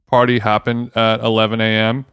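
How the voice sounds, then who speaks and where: A man's voice: lowish voice, completely flat delivery, normal speed, fairly bright tone, clean tone, dry recording. A man co-hosting a podcast, joking in a laid-back casual chat and laughing often. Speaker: podcast co-host.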